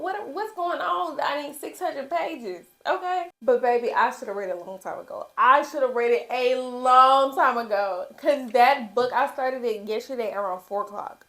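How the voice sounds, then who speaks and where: A young woman vlogging a casual book review, excitable and gushing as she talks straight to her viewers. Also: fairly high pitch.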